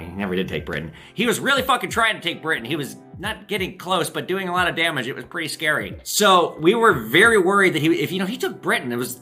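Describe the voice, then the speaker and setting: Fast, lively, bright-voiced man. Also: fairly high pitch. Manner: profane, animated storytelling. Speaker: pawn shop owner and show host. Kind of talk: casual monologue to camera.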